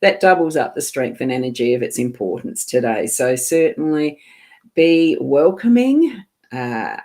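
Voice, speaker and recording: Chatty middle-aged woman reading cards. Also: sits low. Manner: chatty, warm asides to viewers, laughs often. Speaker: psychic medium card reader. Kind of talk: live-streamed card reading with viewer chat.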